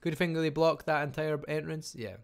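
A Scottish man casting a live online strategy game match, talking fast and chattily and barely stopping for breath. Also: fairly high pitch, fairly even intonation, creaky, smooth. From Scotland. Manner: fast, chatty, talks without pausing. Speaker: game caster. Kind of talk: live esports commentary.

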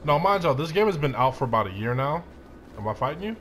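A man's voice: a little high, very animated, fast talker, a bit bright, slight background noise. A young man giving hyped let's-play commentary, trash-talking and whooping as he plays. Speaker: gameplay commentator.

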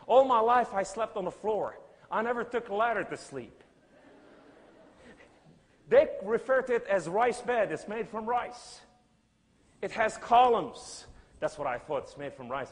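A man's voice: sits high, big-room sound. A man giving a sermon-style testimony, telling his story dramatically and acting out the scenes.

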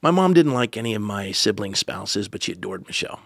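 A pastor, telling a personal story as a podcast guest, earnest with joking asides. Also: male voice, on the low side, sing-song, fairly quick, no echo, clean studio sound. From United States.

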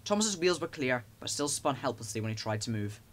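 A man narrating a children's storybook with a lively, expressive reading. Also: mid-range voice, fairly quick.

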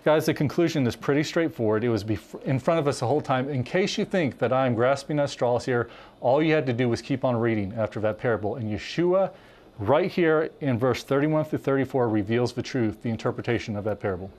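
Male Bible teacher, mid pitch, earnest and emphatic, speeds up and slows down to stress points. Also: darkish tone. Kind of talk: teaching conversation, preaching.

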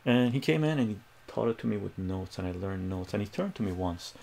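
A man's voice: fairly low pitch, expressive, a little fast, creaky, darkish tone. A man on a livestream, telling a rambling personal story and chatting casually with viewers. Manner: rambling, acts out quoted voices, chats with viewers. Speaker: livestream math tutor.

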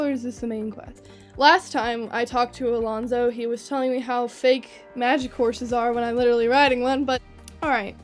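Excitable high-voiced young woman gamer. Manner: chatty, excitable and rambling. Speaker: gaming video creator. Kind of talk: casual game commentary.

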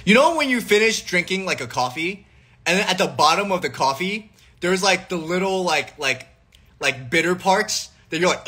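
A man's voice: sits high, big pitch swings, moderate pace, bright, forceful tone, breathy edge. A man in his twenties chatting casually and jokingly on a live stream, rambling with lots of fillers and restarts. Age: 20s. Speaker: livestream host. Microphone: phone livestream.

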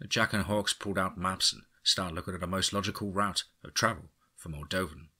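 Deep husky man narrating a story. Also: normal speed, hardly any pauses, pushed and bright. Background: music.

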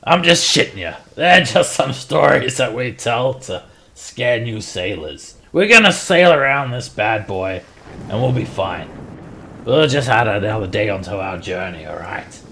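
A man's voice: on the low side, expressive, a little slow, gravelly, sharp tone, a little hiss or hum, full character voice. A man voicing a male sailor who tells spooky sea tales and boasts. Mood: teasing. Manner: teasing, storytelling, boastful.

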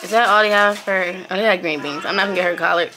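A young mom chats casually to her viewers, loose and talkative. Her voice is bright and forceful, sitting at an ordinary pitch for a woman. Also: fast, a little hiss or hum. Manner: chatty, talks straight to viewers. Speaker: vlogger.

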